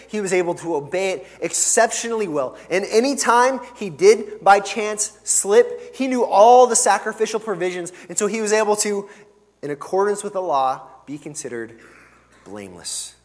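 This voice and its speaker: A man preaching a sermon as pastor, earnest and emphatic, pushing hard on key words and then dropping to a soft, low finish. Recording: long reverb of a large hall.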